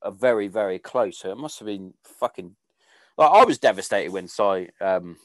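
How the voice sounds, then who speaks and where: A man hosting a podcast, speaking in a fairly low voice on a dry, close recording. He talks loosely and swears freely, and often trails off mid-thought. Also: lively intonation, normal speed, no room sound. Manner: informal, swears casually, trails off. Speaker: podcast host. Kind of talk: casual conversation.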